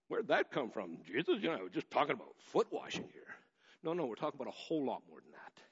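A man's voice: medium pitch, wildly swooping pitch, fast, husky. A man preaching a sermon in a conversational way that builds to emphatic stretches. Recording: echoey hall, dull lo-fi sound.

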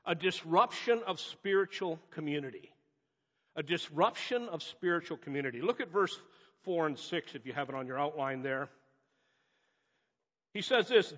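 A North American pastor with a high, fairly bright voice preaches a sermon earnestly and emphatically, repeating key phrases. The audio is dull and lo-fi with long hall reverb.

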